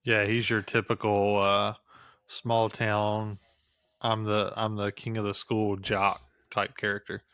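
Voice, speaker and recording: A man with a low, flat voice chimes in during a casual movie chat, laid-back and brief. His tone is bright and smooth, recorded dry and close. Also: slow pace, no echo. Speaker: podcast co-host.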